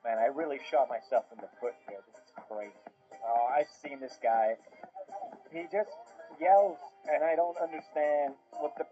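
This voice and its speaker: A man's voice: a little high, moderate pace, warm tone. A young man giving casual reaction commentary on video clips, with laughing outbursts and sarcastic asides. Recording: tinny phone-like sound with faint music.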